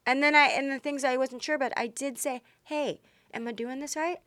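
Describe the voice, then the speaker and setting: A woman's voice: high-pitched, fairly quick, no echo. A woman with a Texan accent, chatting casually and animatedly as a podcast co-host. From Texas. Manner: chatty, animated, self-deprecating. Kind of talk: casual chat.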